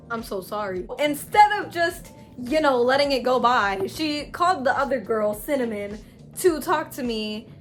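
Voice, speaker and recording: A young adult woman telling a story-time vlog in a slangy, animated way, with big swings in loudness. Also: on the high side. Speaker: vlogger.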